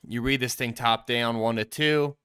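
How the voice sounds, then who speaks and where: Guy doing a casual qb film breakdown, bright crisp voice, coachy, explains it step by step. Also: medium pitch, steady tone, normal speed. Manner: coach-like, explains step by step, addresses viewers as team. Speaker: quarterback trainer and show host.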